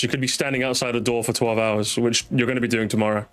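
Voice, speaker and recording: A young man chatting casually while streaming a racing game with viewers, excitable and swearing, repeating himself in bursts. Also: mid-range voice, fast, clean tone. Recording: game music behind.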